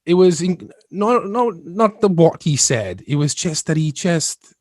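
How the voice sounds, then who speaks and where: A man's voice: on the high side, very animated, a little slow. A man in his thirties, a musician guest telling stories in a rambling, casual way. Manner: rambling, restarts often, laughs through stories. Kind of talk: casual storytelling interview.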